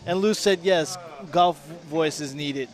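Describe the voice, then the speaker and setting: A man calling a pool match with casual, laughing banter in a pool hall. His voice sits a little high, and he rambles through stories full of fillers. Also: slow pace. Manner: laughs often, chatty, trails off with fillers.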